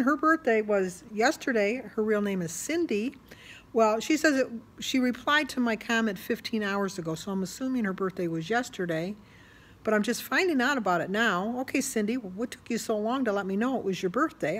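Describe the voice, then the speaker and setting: Chatty Midwestern woman vlogger. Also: on the high side. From Michigan, USA. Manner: chatty, gushing, breaks into playful singing. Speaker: weight-loss vlogger. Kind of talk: casual chatty vlog.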